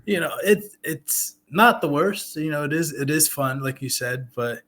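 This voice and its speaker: Man, casual podcast chat, hesitant, many fillers, lively pitch. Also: moderate pace.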